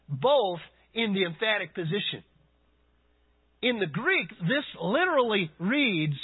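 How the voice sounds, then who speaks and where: Male preacher, husky and high, unhurried deliberate sermon delivery. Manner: slow, deliberate scripture reading and word study. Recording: phone-like narrow band.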